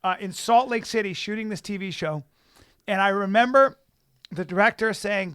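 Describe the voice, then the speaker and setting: A man's voice: high-pitched, a little fast, a bit bright, no echo. A man co-hosting a podcast in a studio, telling stories animatedly and swearing freely. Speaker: podcast co-host. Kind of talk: casual chat.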